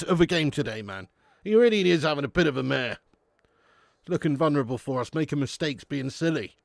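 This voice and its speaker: A man hosting a live football watch-along, calling the play excitably and chatting between moves. His voice is fairly high, gravelly and bright, and it sounds dry and close to the mic. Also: fairly quick, dry recording. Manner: excitable, chatty, swears at players. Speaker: host.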